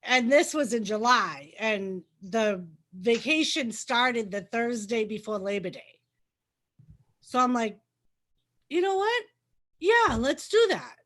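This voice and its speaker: High-voiced woman telling a story. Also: a bit bright. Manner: laughs often, acts out quotes. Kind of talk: casual storytelling chat.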